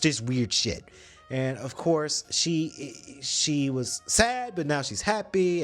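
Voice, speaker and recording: Podcast guy retelling a movie, slangy and swearing, voice bounces up and down a lot, a bit high. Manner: animated, slangy storytelling with swearing. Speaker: podcast host. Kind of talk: casual movie recap.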